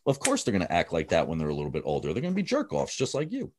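A man's voice: low voice, huge pitch swings, very fast, darkish tone. A man, a father, talking bluntly and heatedly about parenting in a casual podcast chat, full of swearing.

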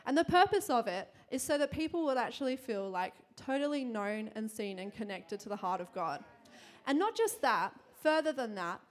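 In a chatty, rapid sermon, a young woman tells a congregation a personal story and teaches from it, moving easily between the two. Her slightly high voice is peppered with fillers and frequent laughter.

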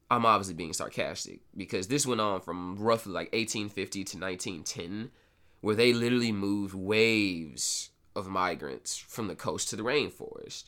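Low-voiced man explaining history, casual. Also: a little slow, fairly bright tone. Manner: loose, self-correcting, sarcastic asides. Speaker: podcast host. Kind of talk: casual educational podcast talk.

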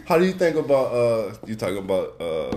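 A man telling stories in casual podcast chat, animated, slangy and profane. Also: fairly low pitch, fairly quick. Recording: roomy with faint noise.

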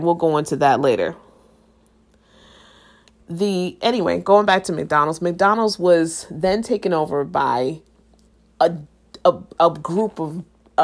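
A young adult woman hosting a podcast, telling a personal story in a blunt, animated and profane way. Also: fairly low pitch. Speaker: podcast host. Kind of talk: casual storytelling.

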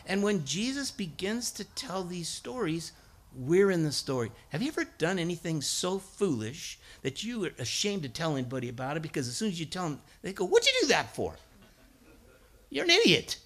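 A man's voice: fairly high pitch, animated, fairly quick. A middle-aged man giving a sermon, telling stories and acting out voices, building to emphatic peaks. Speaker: guest preacher and schoolteacher.

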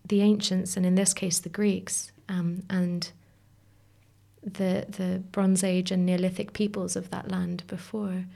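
A woman's voice: on the low side, little pitch movement, a little slow, vocal fry, warm tone. A woman guest in a reflective conversation, musing and searching for words, sometimes dropping to a whisper. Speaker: podcast guest.

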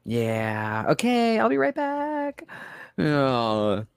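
A man's voice: on the high side, huge pitch swings, drawn-out words, vocal fry, smooth, no room sound, clean studio sound, voice pushed up, heavily acted. A man playing a careless, chirpy restaurant waiter in an improvised comedy scene. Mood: breezy. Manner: breezy, unbothered, sing-song.

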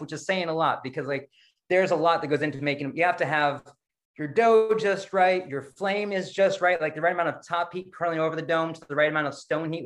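A middle-aged man giving a casual, rambling dharma talk over a video call, self-deprecating and quick to laugh at himself. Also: a little high, a bit bright. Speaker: Zen practice leader giving a dharma talk.

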